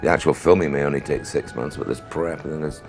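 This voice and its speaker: A man's voice: a bass voice, steady tone, fast, gravelly. A man answering interview questions with dry, wry humor. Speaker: actor interviewed. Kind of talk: interview chat. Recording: archive interview clip with faint music.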